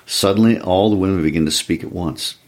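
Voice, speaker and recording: A man reading a short story aloud in a calm, even storytelling manner, shifting his voice for each character. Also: deep voice, a little fast. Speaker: reader.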